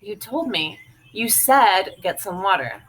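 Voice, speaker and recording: A woman's voice: big pitch swings, slow pace, a bit bright, a little hiss or hum. A woman voicing a curious little girl who pleads and protests. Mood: pleading. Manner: high, eager pleading.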